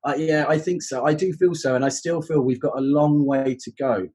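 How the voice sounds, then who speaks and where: Husky man explaining calmly. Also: fairly high pitch, brisk, poor audio. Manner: explanatory, reflective. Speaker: exam coordinator guest. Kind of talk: casual podcast conversation.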